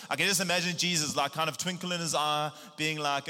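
A man preaching a casual sermon, retelling a Bible story in a lively, animated way with slang. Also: a little high, quick pace, long reverb tail. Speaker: pastor.

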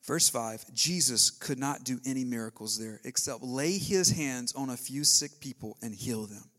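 A man preaching a sermon, animated and conversational, acting out little asides as he goes. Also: medium pitch, normal speed. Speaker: pastor.

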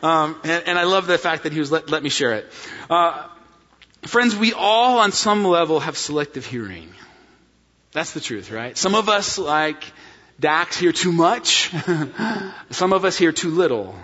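A man's voice: a little high, animated, measured pace, pauses often, pushed and bright. A man preaching a sermon as pastor, earnest and storytelling, calling his congregation friends. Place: church sanctuary. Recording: dull sound in a reverberant church hall.

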